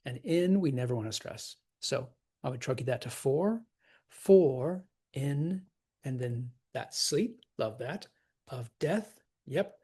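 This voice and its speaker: Husky guy teaching shakespeare scansion, slow and chatty, laughs a lot, counts out the stresses. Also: medium pitch, expressive, a little mellow. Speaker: acting teacher. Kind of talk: scansion lesson.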